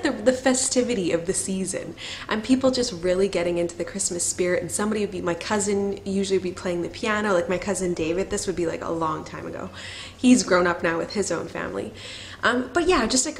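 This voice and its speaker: A woman's voice: medium pitch, fairly quick, a little hiss or hum. Chatty emotional woman vlogger. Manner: warm, chatty, lots of fillers, laughs often. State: teary, emotional. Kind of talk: casual to-camera storytelling.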